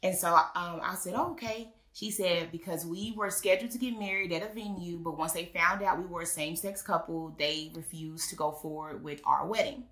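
A woman's voice: on the low side, a little fast, few pauses. A woman, a wedding officiant and business owner, telling stories in an interview and acting out the voices she quotes. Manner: animated storyteller, acts out quoted voices. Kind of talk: casual interview storytelling. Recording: echoey room.

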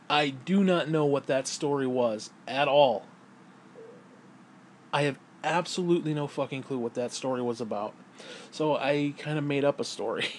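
A man's voice: medium pitch, a little hiss or hum. A man rambling through a casual vlog monologue, swearing freely, interrupting himself and laughing often. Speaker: vlogger.

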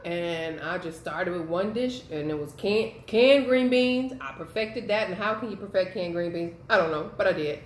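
A woman co-hosting a casual cooking show, telling stories in an expressive, playful way. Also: on the low side, normal speed, hardly any pauses, echoey room. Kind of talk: casual chat.

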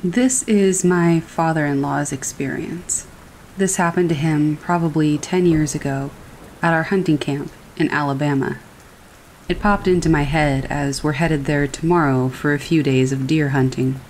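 A woman narrating horror stories in a calm, steady way, as a scripted reading. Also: sits low, unhurried, slight background noise, rough recording. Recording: faint rain behind the voice. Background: rain falling.

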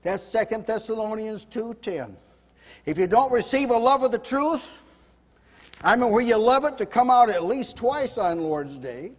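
A fervent male preacher with a very high voice, delivering a sermon in a room with a long, ringing reverb. His voice climbs and gets loud when he acts out quoted speakers. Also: expressive, unhurried. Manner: fervent, rises loud when voicing God and Moses. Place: house church meeting room.

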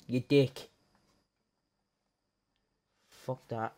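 A man, reacting live as he opens card packs in a game, swearing often and breaking into loud cheers. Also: medium pitch, measured pace. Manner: excitable, heavy swearing, bursts into loud cheers. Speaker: gamer opening card packs.

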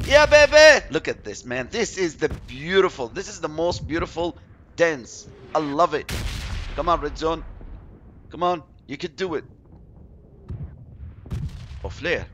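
A man giving chatty, excitable commentary while playing a shooter game, yelping when surprised. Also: a little high, measured pace, pauses often, slight background noise. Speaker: mobile game streamer.

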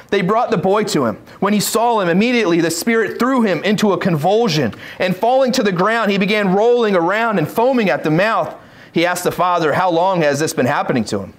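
High-voiced pastor preaching with feeling. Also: male voice, brisk. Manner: acts out the desperate pleas of the people in the stories. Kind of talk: sermon reading and retelling scripture. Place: church sanctuary.

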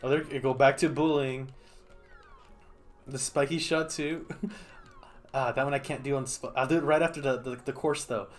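Man, game streamer, playful casual commentary, giggly, mid pitch, faint music behind. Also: steady tone, moderate pace, pauses often.

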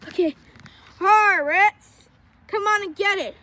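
A woman's voice: very high voice, slow pace, sharp tone. A woman vlogging casually outdoors with her dogs, chatting to them fondly on a handheld camera. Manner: chatty, talks to the dogs in a fond sing-song. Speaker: pet vlogger. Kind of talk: casual vlog with pets. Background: dogs barking.

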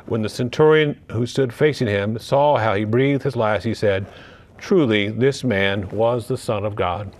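Priest, male, lowish voice, measured Gospel reading and homily with occasional restarts. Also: a little mellow.

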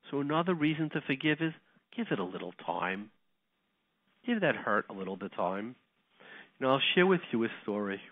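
A man, a rabbi giving a lecture, telling a story in a lively way and acting out the quotes. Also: medium pitch, no room sound. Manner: animated, acts out the quotes in his stories. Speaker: rabbi and speaker. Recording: tinny phone-like, dry sound.

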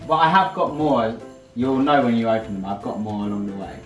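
A British man, a dad in a casual family vlog, gently and teasingly explaining the presents he chose. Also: medium pitch, expressive, fairly quick, echoey room, recorded from a distance, loud music behind the voice, rough recording. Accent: British English. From Britain.

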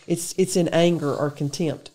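A woman's voice: sits low, fairly even intonation, normal speed, dark tone. A woman giving an earnest, conversational Bible lesson to a women's gathering. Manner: conversational, earnest, lists examples with emphasis. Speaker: women's day speaker.

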